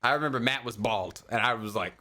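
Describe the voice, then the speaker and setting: A young man telling a story on a podcast in loose, casual chat. He is animated and swears freely, and his voice sits at an ordinary middle pitch. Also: fast talker. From Memphis, USA. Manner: animated and profane, acts out quotes in a higher voice. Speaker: podcast host.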